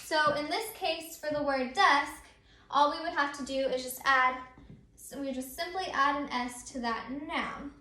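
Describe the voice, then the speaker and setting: A woman's voice: high-pitched, unhurried, pushed and bright. A woman teacher explaining grammar step by step, repeating her points with frequent ums. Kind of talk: recorded grammar lesson. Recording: echoey room.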